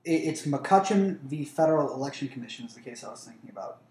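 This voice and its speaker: A man on a casual podcast who talks fast, laughs easily and stumbles over his words. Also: medium pitch, lively intonation, darkish tone, roomy sound, low-quality recording. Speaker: podcast co-host.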